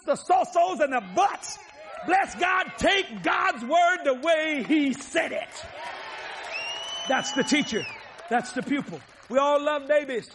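A Cajun preacher from New Orleans, Louisiana, with a very high voice, gives a sermon full of humorous storytelling. He shouts his emphatic lines, then drops low and chuckles his way through the stories.

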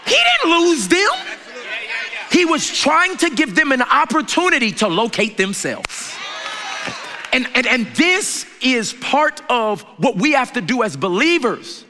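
A man preaching a sermon in a lively, conversational way, bantering and trading questions with the congregation. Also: extremely high pitch. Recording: reverberant hall with faint noise.

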